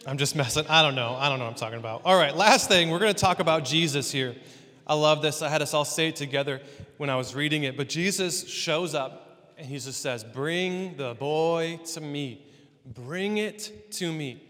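A man with a somewhat high voice preaches to his congregation in a loose, animated, chatty way, dropping joking asides between points. His words ring out with a long reverb like a big church hall. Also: brisk. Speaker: pastor. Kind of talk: sermon.

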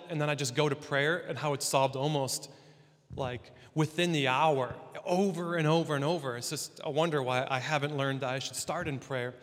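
A man preaching a sermon as pastor, conversational and animated with joking asides. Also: a little high, long reverb tail.

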